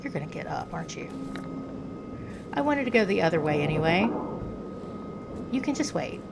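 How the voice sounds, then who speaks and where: Gravelly-voiced American woman doing game commentary. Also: fairly low pitch, sing-song, normal speed, noisy background. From United States. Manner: chatty, talks to the game character like a pet. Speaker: gameplay commentator.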